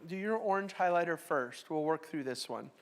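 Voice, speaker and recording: A woman's voice: deep voice, lively intonation, normal speed. A middle-aged woman teaching a Bible study class. She reads verses aloud with strong emphasis, then explains them in a casual, joking way.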